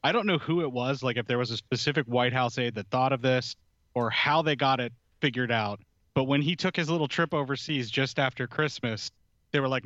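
A man's voice: medium pitch, fairly quick, fairly bright tone, no echo. Man, sarcastic podcast banter, mocking tone, dry close sound, dull lo-fi audio. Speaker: podcast co-host. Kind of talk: casual political chat.

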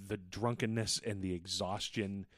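A man co-hosting a casual chat podcast, telling stories in a profane, animated way. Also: on the low side, normal speed. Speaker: podcast co-host.

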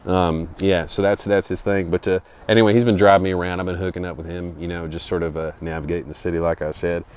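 A man with a very low voice spins a rambling, foul-mouthed comic tale in an improvised monologue. The recording sounds dull and lo-fi. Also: level tone, quick pace, a little mellow, a little hiss or hum. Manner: crude, profane, rambling. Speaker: storyteller. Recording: dull lo-fi audio.

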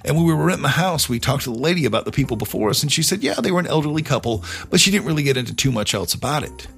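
A man's voice: on the high side, lively intonation, racing, creaky, a bit bright, soft background music. A middle-aged man hosting a podcast, telling a story in a casual, profane, conversational way. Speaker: podcast host.

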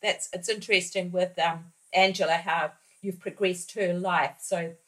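A woman conducting an interview, posing her questions at an even, measured pace. She laughs easily along with her guest's stories. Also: lowish voice, low-quality recording.

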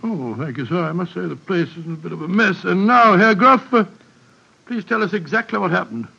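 An actor playing an affable English doctor in a 1940s radio drama, on a dull old radio recording. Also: male voice, sits high, lively intonation, brisk, vocal fry, pushed and bright, breathy edge, heavily acted. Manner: affable, chuckling. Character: genial older English doctor, friendly.

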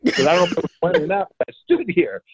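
A man's voice: high-pitched, sing-song, fast, background noise, voice pushed up. A man voicing a friendly male hiker and wildlife biologist who is chatty and amazed, heard over a dry, phone-like line. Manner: chatty, amazed, keeps asking questions.

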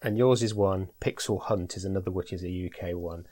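A man's voice: low voice, steady tone, brisk, crowd noise. A British man hosting a podcast in casual chat, talking in a chatty way and often repeating words as he thinks. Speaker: podcast host.

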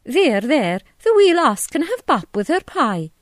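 A woman's voice: high voice, big pitch swings, unhurried, no room sound, studio quality, voice pushed up. A woman voicing a small, round, cheerful tea shop woman with a Scottish accent in a storybook reading. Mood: hearty. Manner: bright, hearty, dialect-rich.

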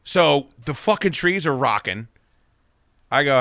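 Man, podcast host, casual storytelling, swears a lot, forceful bright voice, dry close mic. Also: fairly high pitch, unhurried, long pauses, no echo. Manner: profane, animated, acts out his own shouting.

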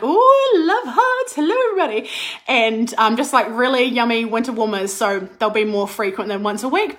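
A bubbly, excitable woman, a business coach chatting on a live stream with a slight cold. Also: fairly high pitch. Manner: bubbly and excitable, laughs and restarts often. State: slight cold, clearing throat. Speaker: business and mindset coach, podcast host.

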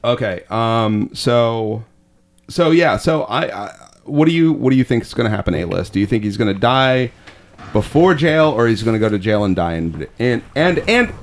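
A man's voice: mid-range voice, very animated, moderate pace. Laughing, profane podcast host man. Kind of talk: casual chat.

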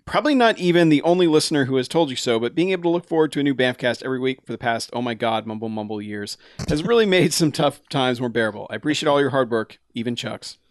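A man's voice: mid-range voice, animated, dry recording. A man co-hosting a podcast, reading listener mail and cracking jokes in casual chat. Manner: wisecracking, quick to joke. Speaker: podcast co-host.

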